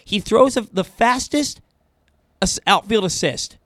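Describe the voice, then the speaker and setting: Male sports radio co-host, high voice, excitable, stumbles over words, dry studio mic. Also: a little slow, dry recording. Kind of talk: casual sports talk.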